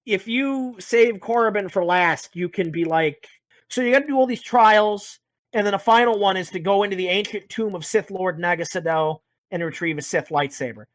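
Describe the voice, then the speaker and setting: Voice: medium pitch, moderate pace, dry recording. A speaker casually recapping a video game's story, rambling, joking and swearing a lot. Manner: profane, rambling, jokey. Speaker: podcast host.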